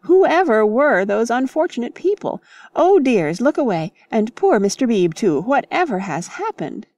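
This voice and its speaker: A woman voicing an excitable, easily shocked older genteel lady, exclaiming and gushing. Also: fairly high pitch, a little slow, no echo, pitched above the performer's own voice.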